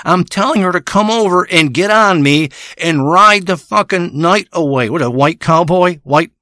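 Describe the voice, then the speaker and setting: A man's voice: high voice, sharp tone, dry recording, clean studio sound. A man telling a crude, profane, rambling comedic monologue. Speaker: comedic storyteller.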